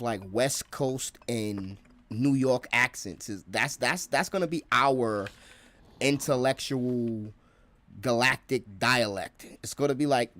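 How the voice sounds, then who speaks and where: A man's voice: mid-range voice, fairly bright tone. A man livestreaming a game, riffing casually in a laid-back, slangy, joking way. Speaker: gaming livestreamer. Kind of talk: casual comedic rambling.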